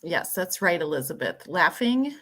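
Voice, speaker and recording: A woman's voice: fairly low pitch, very animated, moderate pace, fairly bright tone. A woman hosting a casual chat, telling family stories and laughing often.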